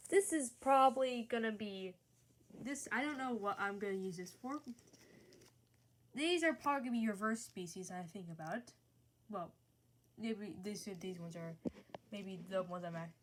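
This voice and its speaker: A woman's voice: on the high side, a bit bright. A woman casually narrating what she colors and draws, chatty and rambling, often restarting her sentences. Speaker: art channel creator.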